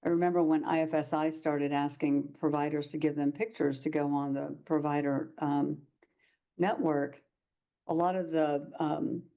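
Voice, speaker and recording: A woman with a low, mellow voice presents a workshop lecture to practitioners, speaking conversationally and acting out short quoted exchanges. The sound is lo-fi.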